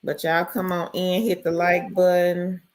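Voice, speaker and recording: A woman's voice: fairly low pitch, completely flat delivery, unhurried. A woman hosting a casual live stream, greeting viewers by name and reading their chat messages aloud. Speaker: livestream host.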